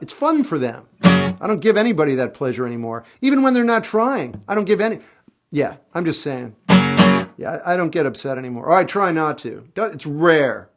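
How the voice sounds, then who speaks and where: Man, high voice, live stream host, casual advice, goofy outbursts. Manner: animated, goofy bursts of shouting; reflective, candid advice.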